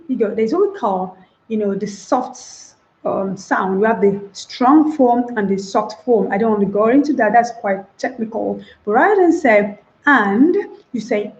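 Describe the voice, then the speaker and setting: A woman's voice: on the high side, lively intonation, moderate pace, darkish tone. A woman teaching an online spoken English lesson, demonstrating phrases by repeating them with different stress. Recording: roomy, dull lo-fi sound.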